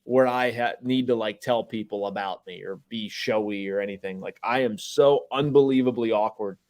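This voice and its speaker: A man co-hosting a sports podcast as a journalist, telling stories in a quick, modest way full of "you know". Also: fairly low pitch, darkish tone. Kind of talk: casual sports podcast chat.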